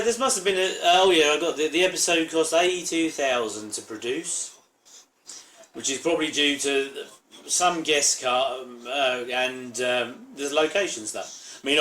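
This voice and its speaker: A man's voice: medium pitch, bright, forceful tone, slight background noise. Chatty man reacting in an echoey room. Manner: chatty, rambling, full of asides and fillers. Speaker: channel host reviewing a TV episode. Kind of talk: casual reaction commentary.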